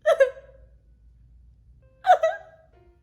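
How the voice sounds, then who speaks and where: A woman's voice: high-pitched, lively intonation, normal speed, fairly bright tone, faint music behind. A woman playing a vain, melodramatic jilted rich wife, swinging from prim bragging to shrieking theatrics. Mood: manic. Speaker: reality show cast member being interviewed.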